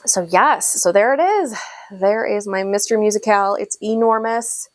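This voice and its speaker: A woman's voice: mid-range voice, animated, normal speed, no room sound. A woman in her thirties hosting a knitting podcast, talking in a rambling, chatty way with frequent laughs and restarted sentences, close to her microphone. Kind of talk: casual chat to camera.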